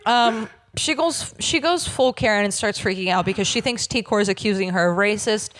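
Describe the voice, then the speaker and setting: A woman's voice: mid-range voice, brisk, fairly bright tone. A woman co-hosting a casual podcast, retelling events and mimicking people in dramatic voices. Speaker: podcast co-host. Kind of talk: casual chat recapping a reality show.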